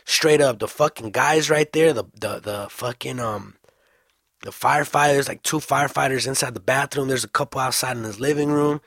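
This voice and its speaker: Husky-voiced man telling a story. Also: medium pitch, no echo, clean studio sound. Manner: slangy, profane, fast and animated. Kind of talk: casual storytelling.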